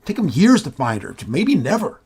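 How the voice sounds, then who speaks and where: A man's voice: a little high, sing-song, moderate pace, a little mellow, husky, full character voice. Ex-con guy talking his partner down, urgent, an actor doing it. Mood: tense. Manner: urgent, reasoning. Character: reformed male ex-con, tense and calculating.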